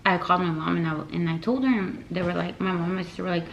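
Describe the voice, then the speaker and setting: A woman's voice: on the low side, rapid-fire, vocal fry, dull audio, a little hiss or hum. A young woman vlogger telling a storytime in a rambling, casual way, full of fillers and switching between English and Spanish.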